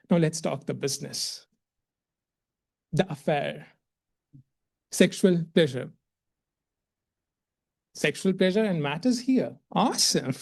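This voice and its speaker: A man's voice: fairly high pitch, animated, slow pace, creaky, pauses often, darkish tone. A man giving a public lecture as a guest speaker in a lecture hall, effusive and emotional, often repeating words as he goes.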